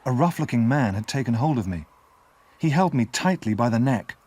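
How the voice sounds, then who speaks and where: Expressive male audiobook narrator. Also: medium pitch, husky. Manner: expressive storytelling, measured pace. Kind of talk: scripted narration.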